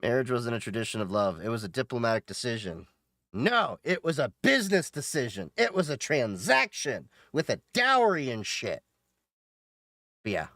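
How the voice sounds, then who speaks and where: Chatting casually with his audience during a gaming stream, a man jokes, responds to viewers, and laughs a lot. He has a medium pitch with big swings, a moderate pace, and a fairly bright tone, in studio-quality audio with no room sound.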